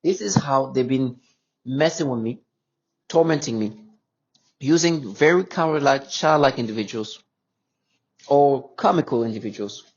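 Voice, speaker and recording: Husky man in a halting, agitated monologue. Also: medium pitch, expressive, dull audio. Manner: halting, with many stammered restarts; agitated and insistent. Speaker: vlogger addressing viewers. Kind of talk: unscripted monologue to camera.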